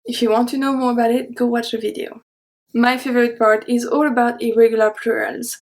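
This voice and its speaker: A woman teaching a French pronunciation lesson, saying each example word slowly and carefully and repeating it. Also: fairly high pitch, level tone, darkish tone. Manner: slow, careful enunciation of example words. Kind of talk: online language lesson.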